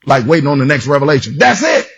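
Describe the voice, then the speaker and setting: A man preaching a sermon with a raspy voice, often shouting and sliding into a singsong lilt. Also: a little high, fast talker. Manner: animated, shouting, singsong emphasis. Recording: dull lo-fi recording.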